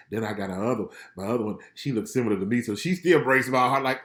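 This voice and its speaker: A man's voice: mid-range voice, a little fast, a bit bright. A man giving live prophetic readings in answer to viewers' questions. He talks in a casual, chatty way, laughs often and keeps checking in with his listeners. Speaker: prophet and spiritual life coach. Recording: roomy echo.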